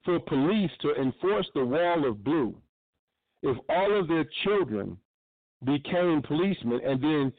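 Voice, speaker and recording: A man's voice: on the high side, lively intonation, a little slow, dry recording. A man hosting a radio show, giving blunt, profane, impassioned commentary. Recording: tinny phone-line sound.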